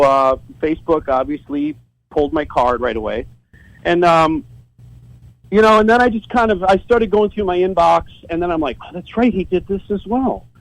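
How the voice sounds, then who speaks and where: A man's voice: a little high, no echo, low-quality recording. A man telling a story as a guest on a podcast, casual and profane, often stumbling and repeating words as he starts a sentence.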